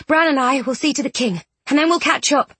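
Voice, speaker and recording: A woman's voice: sits high, fairly quick, a bit bright, no echo, voice pushed up. A woman reading an audiobook, voicing an earnest, eager young heroine.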